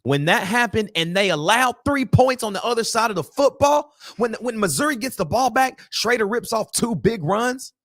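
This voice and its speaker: A man hosts a sports talk stream and rants with frustration and emphasis. His pitch swings widely up and down as he talks. The sound is dry and close. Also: moderate pace, no room sound. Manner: frustrated, emphatic, animated ranting. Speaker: sports talk show host. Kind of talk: casual sports talk livestream.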